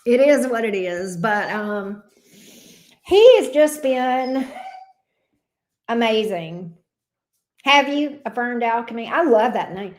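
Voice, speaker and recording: A woman's voice: on the high side, animated, slow pace, pauses often. A woman hosting a casual livestream. She greets viewers by name and coos affectionately over her dog. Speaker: tarot reader hosting a livestream. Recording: roomy echo.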